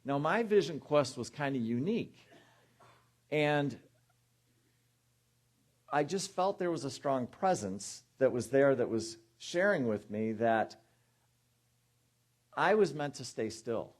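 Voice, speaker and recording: A man of average pitch gives a sermon as a guest minister, telling his own story to a congregation. He slips into softer voices to act out the thoughts and words he heard, then returns to plain storytelling. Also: animated, takes it slowly, long pauses. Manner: personal storytelling, acting out inner voices in quieter tones.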